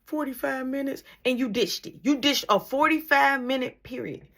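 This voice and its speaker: A woman's voice: lowish voice, a little slow. A woman voicing a stern angry mother who scolds her son with clipped threats. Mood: scolding.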